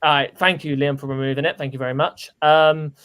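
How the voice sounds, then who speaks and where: A young English man with a notably high voice hosts a relaxed football fan stream. He banters quickly and jokes with his co-hosts, filling gaps with ums and uhs. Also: clear, resonant tone. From England. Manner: jokey, quick banter with fillers. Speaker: co-host. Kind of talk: casual fan podcast chat.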